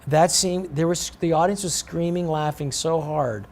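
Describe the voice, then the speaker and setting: A man's voice: a little high, normal speed, a little mellow, a little hiss or hum. A man from San Francisco, a show guest, telling rambling anecdotes, acting out other people's voices and swearing freely. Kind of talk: animated storytelling.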